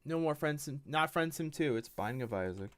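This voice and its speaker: A woman's voice: low-pitched, animated, brisk. A woman streaming a game live, talking bluntly to her chat and swearing heavily in frustration.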